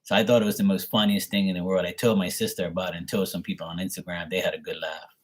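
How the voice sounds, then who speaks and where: A man's voice: deep voice, little pitch movement, quick pace. A man, a show host telling a story in a blunt, profane and amused way. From Bermuda. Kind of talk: casual storytelling.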